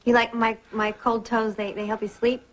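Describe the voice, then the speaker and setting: An actress playing an anxious, loving wife and best friend in a soap opera, talking with emotion. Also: female voice, a little high, little pitch movement, normal speed, very noisy, lightly acted. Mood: light. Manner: emotional and pleading, soft when tender.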